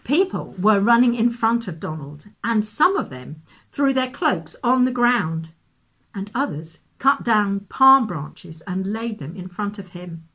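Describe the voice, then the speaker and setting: A woman gently reading a children's Bible story aloud, with expressive storytelling. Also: mid-range voice, a little slow, slightly rough.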